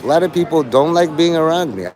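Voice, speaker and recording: A man's voice: fairly high pitch, quick pace, a crowd in the background. A man hosting a livestream, lecturing and taunting his chat like a mock teacher.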